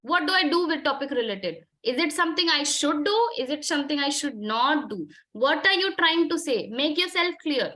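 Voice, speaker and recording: A woman's voice: high-pitched, animated, moderate pace, hardly any pauses, sharp tone. A woman with an Indian English accent coaching a group discussion session, questioning students insistently and switching between Hindi and English. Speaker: communication skills trainer.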